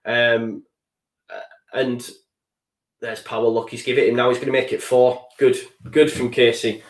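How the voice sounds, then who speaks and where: Here the fan channel host, a young man, speaks at medium pitch in a level tone and at a slightly slow pace, with noticeable reverb. Frustrated and swearing, he runs a live football watchalong, responding to the match and relaying chat from viewers.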